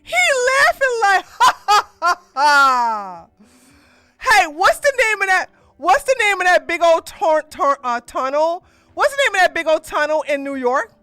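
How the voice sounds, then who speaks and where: A woman hosting a live news podcast, loud and exclamatory, laughing often. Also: extremely high pitch, lively intonation, normal speed, no echo. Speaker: podcast host. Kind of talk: live political commentary.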